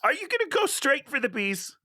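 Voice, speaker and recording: A man chatting on a podcast with a high, bright voice that swings wildly in pitch. He mocks and swears and laughs often. The sound is dry and close. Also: big pitch swings, brisk, no echo. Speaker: podcast co-host. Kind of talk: casual chat.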